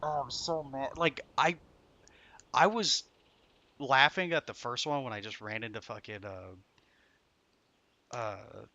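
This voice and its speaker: Young male streamer, bright voice, swears a lot while ranting to chat. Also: mid-range voice, measured pace, long pauses, highs cut off. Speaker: game streamer. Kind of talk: frustrated live-stream commentary. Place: home room while streaming.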